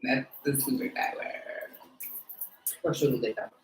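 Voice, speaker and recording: A woman's voice: extremely low pitch, a little slow, echoey room, slight background noise, low-quality recording. Slangy, frank woman in her forties. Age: 40s. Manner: frank, slangy, laughs often. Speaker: podcast host. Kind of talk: casual chat.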